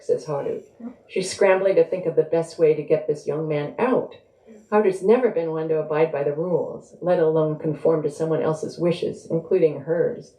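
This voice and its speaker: A woman's voice: low voice, moderate pace, mellow. A woman author speaking conversationally and reading from her novel at a live bookstore event. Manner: conversational, thinking aloud. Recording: roomy echo.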